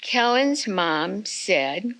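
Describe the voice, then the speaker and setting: Slow, gravelly older woman telling a story. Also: medium pitch, big pitch swings, a bit bright, poor audio. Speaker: retreat speaker. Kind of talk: storytelling talk.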